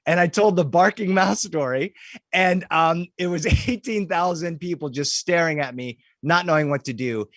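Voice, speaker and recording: A man telling funny stories from his career, animated and quick to laugh. His voice sits a little high, and the recording is dry and close with no room sound. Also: dry recording. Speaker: storyteller. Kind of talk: casual interview chat.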